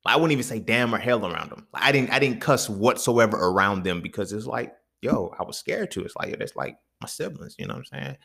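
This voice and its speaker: A young adult man hosting a podcast, telling a story in casual slang, swinging from low mutters to loud, excited bursts. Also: fast talker, creaky, few pauses, breathy edge. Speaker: podcast host.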